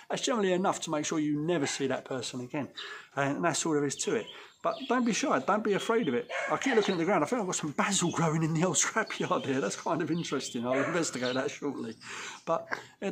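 A man's voice: fairly high pitch, animated, quick pace, noisy background. A man giving blunt, cheeky business advice to viewers in a casual vlog, recorded outdoors. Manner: blunt, cheeky, slangy, talks straight to viewers. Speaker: window cleaning business owner.

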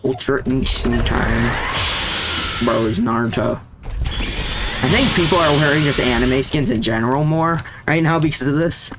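A young man giving casual, excitable gameplay commentary, jumpy and slangy, with sudden yelps when startled. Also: a little high, moderate pace. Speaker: gaming YouTuber. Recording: game music and sound effects behind voice. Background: loud game music.

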